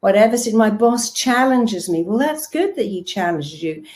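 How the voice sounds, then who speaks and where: A woman, a therapist giving a lively motivational talk and acting out quotes as she tells stories. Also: medium pitch, normal speed. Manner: lively storytelling with acted-out quotes. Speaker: therapist and self-help speaker.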